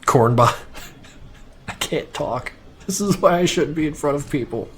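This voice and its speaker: A man's voice: a little high, expressive, a little slow, background noise. A young man chatting casually on a livestream while he works, rambling, swearing freely and poking fun at himself. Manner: rambling, profane, self-mocking. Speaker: streamer animating on stream.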